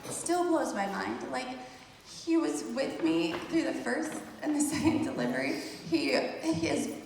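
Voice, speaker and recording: Brief: lively woman, slightly high, gravelly edge, far-off in a big echoey hall with room noise. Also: a little slow. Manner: animated, laughs often, addresses listeners as "you guys". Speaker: speaker sharing a birth testimony. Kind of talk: casual storytelling to a group.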